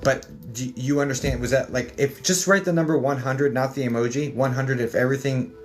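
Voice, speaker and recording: A man giving a psychic medium reading on a livestream, talking gently and reassuringly straight to his viewers. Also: mid-range voice, steady tone, brisk. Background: background music.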